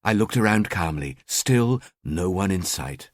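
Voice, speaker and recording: A man narrating a crime thriller audiobook in the first person, with a cold, measured delivery. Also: low-pitched, expressive, dry recording, studio quality.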